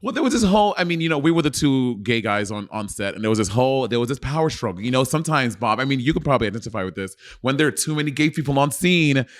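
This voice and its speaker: A man's voice: medium pitch, expressive, fast, few pauses, close to an everyday voice. A man playing a brash, crude actor in an improvised interview bit, boastful and outrageous.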